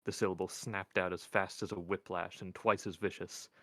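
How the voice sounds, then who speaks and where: Man, storybook narrator, measured, low voice, dry close mic. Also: little pitch movement, sharp tone, no room sound. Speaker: reader. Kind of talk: audiobook narration.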